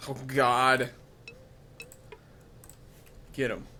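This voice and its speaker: A man's voice: medium pitch, flat delivery, drawn-out words, bright, forceful tone, slight background noise. Wry man commenting on a game. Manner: wry, self-deprecating. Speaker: let's play host. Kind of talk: casual gameplay commentary.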